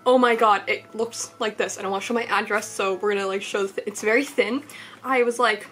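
Bright-voiced giddy young woman unboxing. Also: mid-range voice, steady tone, brisk, a little hiss or hum. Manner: giddy, rambling, lots of "like" and "um". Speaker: vlogger. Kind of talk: excited unboxing chat. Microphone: camera on mini tripod.

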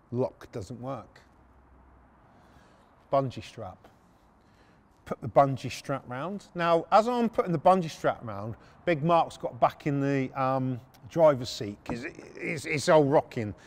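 A man telling crude, animated stories on a podcast, acting out moments with gasps and shouts. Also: medium pitch. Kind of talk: casual storytelling.

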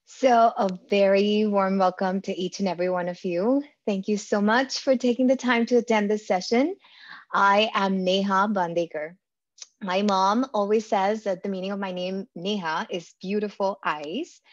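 A woman's voice: medium pitch, steady tone, moderate pace, dry recording. A woman hosting an online session, opening with a welcoming, lightly joking introduction. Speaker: session host. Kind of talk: webinar introduction. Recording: dry, dull lo-fi call audio.

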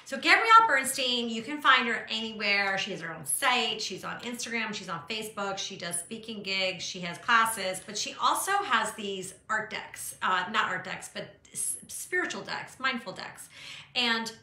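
A middle-aged woman art teacher chats live from her studio, her voice very bright and ringing. She gushes warmly and encouragingly at her viewers, with lots of ums along the way. The room adds a noticeable echo. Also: medium pitch, expressive, normal speed. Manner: warm, gushing, encouraging; chatty with frequent fillers. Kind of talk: casual live-stream chat.

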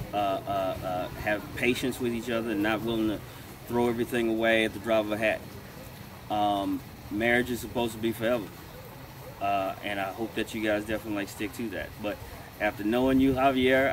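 A young man with a lowish voice works his way through a wedding toast, hesitating and restarting often. He is recorded outdoors with background noise. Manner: hesitant, many fillers and restarts. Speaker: wedding guest giving a toast. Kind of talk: halting casual toast.

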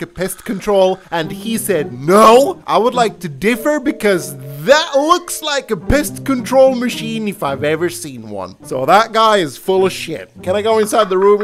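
A man giving jokey, excitable gameplay commentary, swearing freely as he plays. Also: high-pitched. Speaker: gaming YouTuber.

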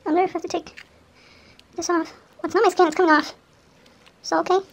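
A woman, speaking to the camera in a casual vlog. Her voice sits very high, and she keeps exclaiming and talking to herself nervously. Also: level tone, quick pace, creaky. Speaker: vlogger.

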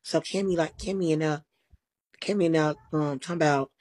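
A woman's voice: sits low, steady tone, fairly quick, darkish tone. A woman telling a story casually, acting out quarrels and swearing freely. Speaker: guest, live-stream show personality.

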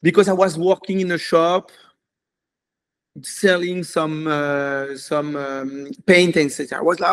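Man with a French accent, non-native English, rambling and animated, slightly high voice, casual interview. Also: measured pace. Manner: animated, rambling, many fillers. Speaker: commercial filmmaker.

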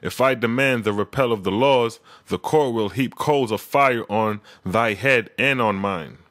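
A man reading scripture aloud in a measured, solemn way, adding his own commentary between verses. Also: medium pitch, fairly bright tone, dry recording, clean studio sound.

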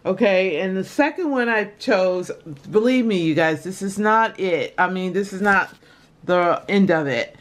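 A woman chatting casually in a shopping haul video, calling her viewers y'all and often breaking into high laughter. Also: lively intonation, a little slow. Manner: chatty and giggly, addresses viewers as y'all and you guys. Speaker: vlogger showing a shopping haul.

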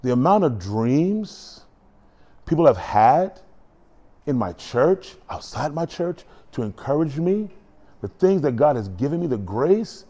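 A pastor preaching a lively sermon, acting out quotes and voices with humor. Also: male voice, medium pitch.

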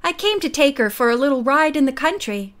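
A woman's voice: sits high, animated, fairly quick, fairly bright tone. A woman voicing a friendly teen girl detective. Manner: friendly and encouraging. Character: bold, kind teenage girl detective.

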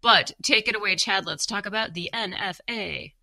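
Young female co-host, tired, gravelly fry, chatty and self-mocking. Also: mid-range voice, moderate pace, pushed and bright, dry recording. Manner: chatty, self-deprecating, laughs often. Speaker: podcast co-host. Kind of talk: casual chat reading viewer comments.

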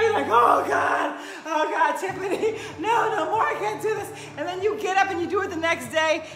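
A woman fitness coach giving an energetic, emphatic motivational pep talk, laughing often and whooping. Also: very high-pitched. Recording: roomy echo.

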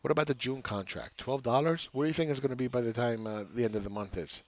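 A man's voice: medium pitch, fairly even intonation, quick pace, no echo, lo-fi sound. Combative, profane male market commentator. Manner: repeats words and restarts phrases.

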